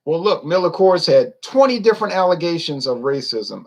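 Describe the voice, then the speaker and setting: A man's voice: a little high, sing-song, moderate pace, hardly any pauses, a little mellow. Opinionated man ranting. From United States. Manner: opinionated, rambling, rhetorical questions. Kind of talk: casual rant to camera.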